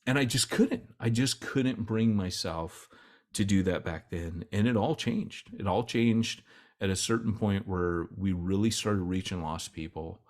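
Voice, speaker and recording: Low-voiced man rambling on a webinar. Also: a little slow, a little mellow. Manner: rambling with many restarts. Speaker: church planting trainer. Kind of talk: casual webinar talk. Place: video call. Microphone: computer mic on a video call.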